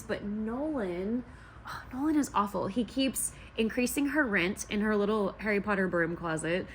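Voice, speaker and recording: A young woman talks through a book's plot from her couch at home, chatty and lively, tossing in playful asides as she goes. Her voice sits at an ordinary middle pitch for a woman. A faint household hum stays low behind her. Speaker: book vlogger. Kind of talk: casual plot recap.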